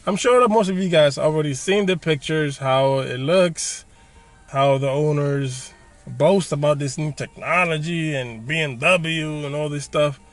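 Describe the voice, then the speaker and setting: A man's voice: a little high, measured pace, soft background music. A man hosting his car channel, giving opinions in a joking, casual way with frequent laughs.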